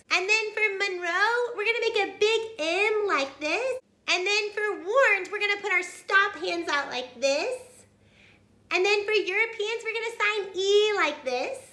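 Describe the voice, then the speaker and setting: A woman's voice: extremely high pitch, bright, forceful tone. A woman tutor sharing upbeat, cheerful teaching tips and showing hand motions as she explains. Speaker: homeschool tutor. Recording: echoey room.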